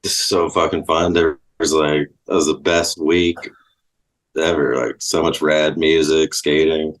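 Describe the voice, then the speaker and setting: Laid-back low-voiced man telling stories. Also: flat delivery, unhurried. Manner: laid-back, swears freely, lots of likes. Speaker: guest. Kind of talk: casual storytelling.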